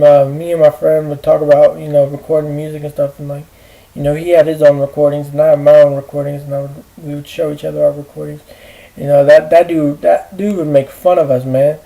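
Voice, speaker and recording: A man ranting to camera in a rambling, profane way, halting with fillers and restarts. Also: a little high, gravelly, mellow, low-quality recording. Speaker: vlogger. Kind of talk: rambling personal rant.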